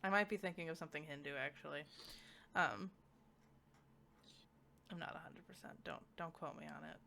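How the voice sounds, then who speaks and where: A woman's voice: sits low, normal speed, vocal fry, pushed and bright, a little hiss or hum. A woman co-hosting a casual book club chat, talking loosely and laughing often.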